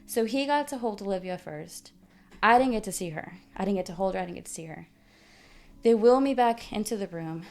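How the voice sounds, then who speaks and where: A woman's voice: medium pitch, lively intonation, a little fast. A young adult woman, a podcast guest, telling a personal story in casual chat. She acts out the dialogue and often says "dude" and "like".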